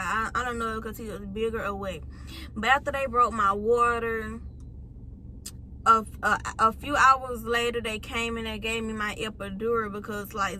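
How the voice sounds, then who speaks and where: Speaking straight to her audience on a phone mic, a late-teen vlogger retells a lengthy personal story in a casual, animated storytime. Her voice sits fairly high, and a little hiss or hum can be heard.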